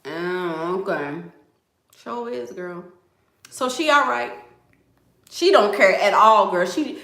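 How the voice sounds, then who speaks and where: A woman's voice: medium pitch, a bit bright, reverberant. A woman vlogger telling gossip to her viewers in a casual, chatty way, often calling them "girl".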